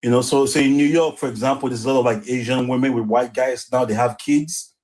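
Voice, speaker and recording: A male caller with a Nigerian accent. He speaks earnestly, stumbling over restarts as he works toward his question, at a middle pitch. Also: steady tone, brisk, darkish tone. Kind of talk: casual call-in chat.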